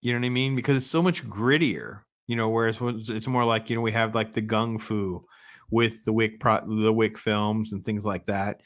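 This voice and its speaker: A man hosting a casual movie review chat, rambling and animated, often trailing off and restarting. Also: lowish voice. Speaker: podcast host.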